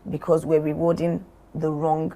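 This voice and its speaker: A middle-aged woman from Nigeria, a former company chief, speaking deliberately as a guest in a podcast interview. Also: deep voice, monotone, warm tone. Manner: measured, deliberate, role-plays what she would say.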